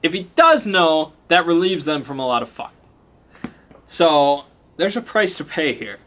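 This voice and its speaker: Bright-voiced man recapping a tabletop game. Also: on the high side, big pitch swings, measured pace. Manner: laughing, casual swearing, slangy. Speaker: game master. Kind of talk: casual retelling of a tabletop game session.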